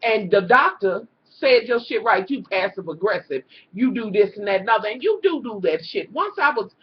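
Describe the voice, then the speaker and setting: A husky, mid-range female voice at a moderate pace delivers a casual, profane reality show recap, addressing viewers as "y'all" and swearing constantly. She comes across as animated and exasperated, recorded in dull lo-fi at home.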